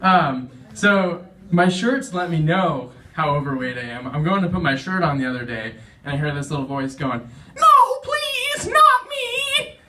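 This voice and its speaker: A man's voice: fairly high pitch, moderate pace, hardly any pauses, fairly bright tone, recorded from a distance. A young man doing a self-deprecating stand-up comedy set on stage, chuckling at his own jokes and acting out voices. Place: veterans' hall stage.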